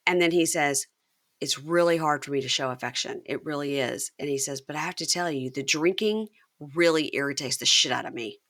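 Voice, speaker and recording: Low, bright-voiced woman recapping reality TV. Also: fairly quick. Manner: animated retelling, acts out quotes. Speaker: podcast host. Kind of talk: casual recap chat.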